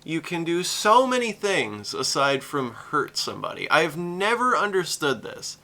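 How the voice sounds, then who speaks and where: A man's voice: fairly high pitch, very animated, a little slow, pushed and bright. A man streaming a reaction to a music video, chatting casually, laughing often and rambling with restarts.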